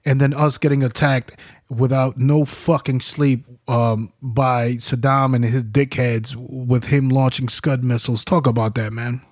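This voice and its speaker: Male podcast host, animated profane storyteller, dry studio sound. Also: mid-range voice, a little slow, dry recording. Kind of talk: casual chat.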